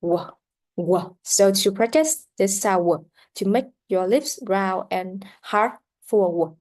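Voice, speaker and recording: A woman leads an English pronunciation lesson, speaking with deliberate care and often restarting what she's saying. Her voice is medium in pitch with a somewhat dark tone.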